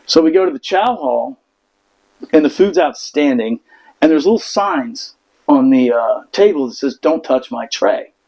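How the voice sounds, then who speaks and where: A man's voice: fairly high pitch, lively intonation, normal speed, darkish tone, low-quality recording. A man, a Marine veteran, telling stories in a casual chat, profane and laughing through them.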